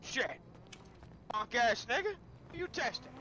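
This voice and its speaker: A man role-playing a hotheaded cop in a game, cursing and yelling at people. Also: extremely high pitch, expressive, a little slow, highs cut off, a little hiss or hum. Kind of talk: role-play as a police officer.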